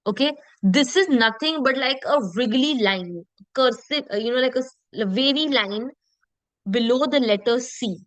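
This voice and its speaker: A woman's voice: sits high, normal speed, a bit bright, dry recording, low-quality recording. Woman teaching a French pronunciation lesson. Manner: checks in with "okay?" often, repeats terms patiently. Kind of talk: online language lesson.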